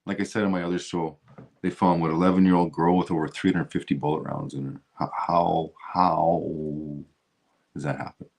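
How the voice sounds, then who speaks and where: A man's voice: extremely low pitch, flat delivery, moderate pace, creaky, a little mellow. A man hosting a stream, ranting about politics in a heated, profane way with lots of restarts. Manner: heated, swearing, repeats and restarts. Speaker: show host.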